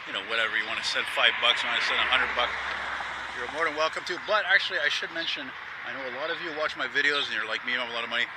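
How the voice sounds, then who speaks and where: A man's voice: mid-range voice, racing. Chatty man on a street walk. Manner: rambling, chatty, enthusiastic. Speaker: vlogger host. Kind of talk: casual walking vlog chat. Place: outdoors on a busy city street, walking. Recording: traffic noise outdoors.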